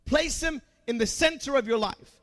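With an extremely high-pitched voice at a normal speed, a male pastor preaches a sermon, questioning the congregation and veering from hushed asides to forceful, loud declarations.

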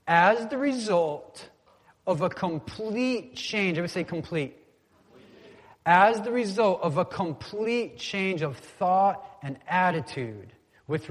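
A man's voice: fairly high pitch, big-room sound. A man preaching a casual, conversational sermon, often asking the congregation to repeat words after him. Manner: casual, conversational preaching with call-and-response prompts. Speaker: pastor.

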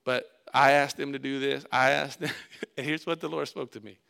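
A man's voice: mid-range voice, steady tone, moderate pace, creaky, pushed and bright, clear, resonant tone. A male pastor preaching a sermon, telling a candid story with self-mocking humor.

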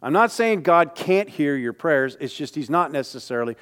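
A man's voice: on the high side, animated, moderate pace, a bit bright, clear, resonant tone. Guy preaching a sermon in church, chatty, throws in jokes and asks the crowd questions. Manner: conversational, joking asides and rhetorical questions.

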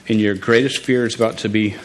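A man's voice: lowish voice, slight background noise, low-quality recording. A middle-aged man preaching a sermon and reading scripture aloud, earnest and informal, who stutters on the starts of words and often restarts. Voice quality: stutters on word beginnings.

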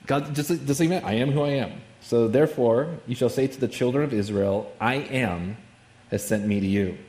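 A man's voice: medium pitch, moderate pace, a little mellow. Conversational male preacher, echoey room. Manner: conversational, with frequent fillers and asides. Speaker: pastor. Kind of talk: sermon.

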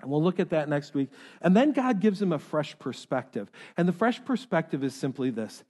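A man preaching a sermon as pastor, swinging between loud urgency and hushed softness, with jokey asides to the congregation. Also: on the high side, big pitch swings, moderate pace, slightly rough. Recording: long reverb of a large hall.

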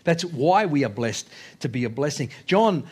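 A man preaching a sermon as pastor, impassioned, repeating phrases, swinging between loud exhortation and hushed low lines. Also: very animated, normal speed, slightly rough.

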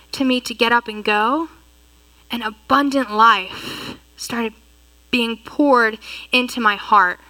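A young woman giving an earnest, animated personal testimony as a sermon. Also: high voice, no echo, low-quality recording. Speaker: youth leader giving a sermon talk.

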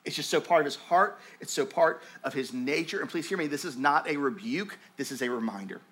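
A male pastor with a bright, forward voice pitched a little above the usual for men. He preaches conversationally and animatedly, stumbling over restarts, and at times drops into a hushed, slower register. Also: animated, slightly rough. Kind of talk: sermon.

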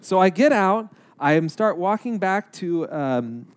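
Man, higher register, earnest storyteller sharing a faith testimony. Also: unhurried. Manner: earnest, animated retelling with acted-out quotes. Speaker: speaker giving a personal testimony.

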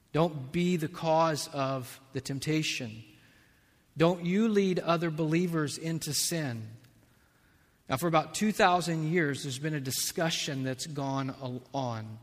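A man preaching a sermon as a pastor, slow and measured, building to impassioned stretches. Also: a little high. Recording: long reverb of a large hall.

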